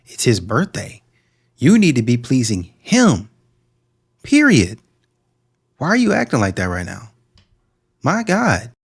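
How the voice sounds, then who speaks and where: A man's voice: medium pitch, huge pitch swings, normal speed, gravelly, breathy edge. A man hosting a reaction video, giving sarcastic and scolding commentary on a played clip.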